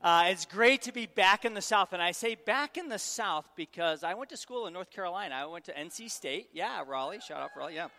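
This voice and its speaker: A middle-aged man delivers a sermon as a guest preacher, teasing the crowd and drawing it in with questions. His voice sits a little high and rings bright and forceful. A long reverb from a large hall trails after every phrase. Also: animated, a little fast, few pauses. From Syracuse, New York. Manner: humorous, engaging the audience.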